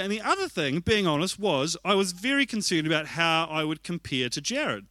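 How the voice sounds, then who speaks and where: A male pastor preaches through personal, self-mocking stories. His voice sits high and bright. He speaks candidly, and the dry, close sound keeps him right in your ear. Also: a little fast, no echo. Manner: animated, self-mocking storytelling; candid and confessional. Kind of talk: sermon with personal storytelling.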